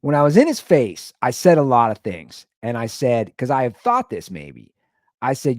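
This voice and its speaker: Animated man telling a wild story. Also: medium pitch, moderate pace, no room sound, clean studio sound. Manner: animated, acts out both sides of arguments. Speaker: comedy podcast host. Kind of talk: comedic storytelling rant.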